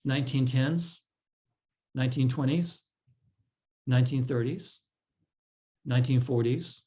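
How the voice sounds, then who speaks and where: A man giving an explanatory slide presentation to a club, pausing with fillers and restarting phrases. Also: mid-range voice, warm tone, rough recording. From California. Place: club meeting room.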